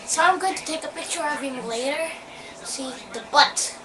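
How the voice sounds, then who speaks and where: A woman chatting casually on a home webcam video, scolding her puppy and yelping out loud. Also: high-pitched, normal speed, a crowd in the background. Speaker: dog owner. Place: room at home. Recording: echoey, distant, noisy webcam audio.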